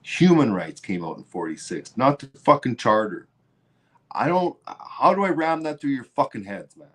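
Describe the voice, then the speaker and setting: A Canadian man hosts his own livestream, delivering an angry political rant full of heavy swearing. His mid-range voice swings widely in pitch, sounds a bit bright, and moves at normal speed, and now and then he mocks others in sarcastic voices.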